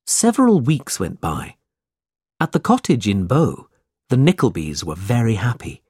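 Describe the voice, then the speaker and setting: A man narrating a simple storybook in a plain, measured way. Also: mid-range voice, wildly swooping pitch, a little mellow, breathy edge, no echo, studio quality.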